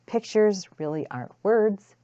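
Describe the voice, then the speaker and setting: A woman's voice: medium pitch, lively intonation, mellow, dry recording. A woman tutor explaining a grammar lesson in a careful way, with frequent restarts. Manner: slow, careful, with repeated restarts. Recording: dull lo-fi dry recording.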